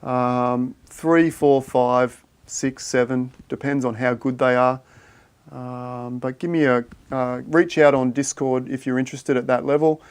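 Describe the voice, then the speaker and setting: A man hosting a casual livestream. He thinks out loud and chats with viewers in a friendly, matey way. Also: medium pitch, little pitch movement, a little slow, clear, resonant tone. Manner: thinks aloud while reading viewer chat, matey and chatty. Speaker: livestream host.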